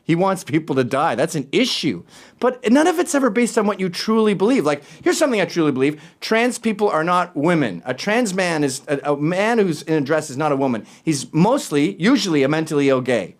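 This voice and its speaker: A man's voice: a little high, sing-song, a little fast. A male show host ranting sarcastically in a casual monologue.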